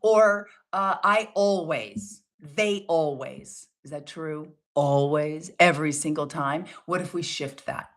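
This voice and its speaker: A woman's voice: sits low, takes it slowly, few pauses. A middle-aged woman coaching listeners in a motivational talk, emphatic and full of rhetorical questions. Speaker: wellness coach.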